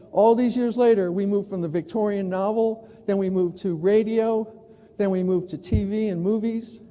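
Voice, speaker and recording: A man from New York giving an animated storytelling keynote at a conference, acting out the people he quotes. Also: high-pitched. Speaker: plenary speaker. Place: large conference hall. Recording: long reverb of a large hall.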